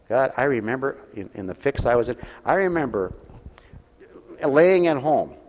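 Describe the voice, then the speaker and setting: A man preaching a sermon at a mission, folksy and pastoral, asking his listeners questions and swinging from soft asides to loud exhortation. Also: fairly low pitch. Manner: folksy and pastoral, speaks directly to listeners with call-and-response questions. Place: mission hall with a congregation. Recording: long reverb of a large hall.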